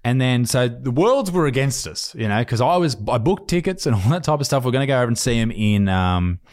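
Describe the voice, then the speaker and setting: A man talking into a podcast mic in loose, casual chat. His pitch sits in the middle for a man. He swears freely and keeps breaking off his sentences to start them again. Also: animated, brisk, darkish tone. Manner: rambling, profane, self-interrupting. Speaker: podcast co-host. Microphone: podcast microphone.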